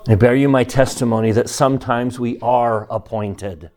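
Older man telling a measured sermon story. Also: mid-range voice, darkish tone. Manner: measured, earnest storytelling with deliberate pauses. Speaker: church leader.

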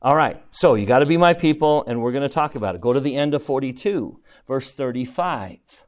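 A man leads a classroom scripture lesson at a mid-range pitch. He talks with emphasis and puts questions to his listeners. He moves between reading verses and explaining them. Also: expressive, a little fast, few pauses. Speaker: scripture teacher.

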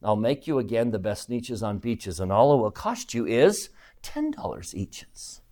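Man reading a sly storybook salesman, clear keen voice, smooth patter, mid-range pitch. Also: big pitch swings, measured pace, dark tone. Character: sly smooth-talking male traveling salesman.

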